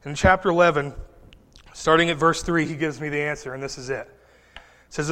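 A young man preaching a sermon and telling a personal story, swinging between hushed and loud delivery. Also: on the high side, fairly even intonation, a little fast, pauses often, big-room sound.

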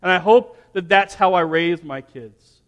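A man with a high voice preaches from the front of a church, telling a homely story that stumbles over repeated ands and restarts. His delivery then builds into firm, emphatic sermon lines. The sound rings with a long reverb from a large hall. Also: unhurried, fairly bright tone. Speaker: pastor.

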